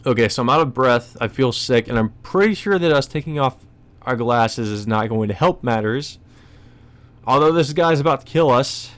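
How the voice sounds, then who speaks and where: A man hosting a let's play, reading a visual novel aloud and thinking through choices out loud with hesitant fillers and wry asides. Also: mid-range voice, expressive, normal speed. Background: faint game music.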